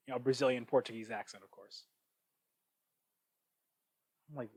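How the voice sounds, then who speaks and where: Man thinking out loud on a cheap mic. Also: medium pitch, fairly even intonation, normal speed, pauses often, slightly rough, dry recording, rough recording. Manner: thinking out loud, with frequent restarts and asides. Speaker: podcast host. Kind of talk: casual reflective monologue. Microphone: cheap microphone. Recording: dry, close cheap-mic sound.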